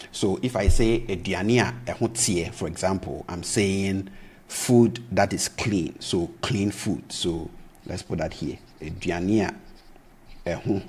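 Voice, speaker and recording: A man with a very deep, husky voice teaches a language lesson. He speaks slowly and patiently. He repeats each word to show how it is pronounced and keeps asking "right?" to check the listener is following. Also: darkish tone. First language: Twi. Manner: patient, repeats words slowly for pronunciation, often asks "right?".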